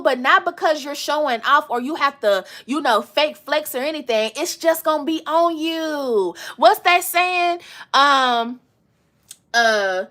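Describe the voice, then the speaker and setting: A woman's voice: sits high, animated, measured pace, a bit bright. A woman giving a live tarot reading to her viewers, casual and slangy, swearing often and breaking into laughter. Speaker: tarot reader.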